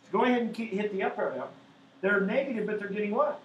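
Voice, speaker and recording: A man's voice: high voice, quick pace, lo-fi sound. A man teaching a math class, walking patiently through each step and checking in with the students again and again. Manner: keeps checking in with students by asking "right?". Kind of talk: classroom lecture. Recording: echoey classroom with faint background noise.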